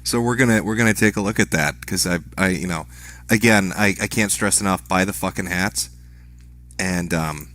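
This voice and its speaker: A man on a live stream speaks in a slightly low voice. His delivery is deadpan and sarcastic, with crude swearing that comes across as mock pleading. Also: normal speed. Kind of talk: livestream commentary.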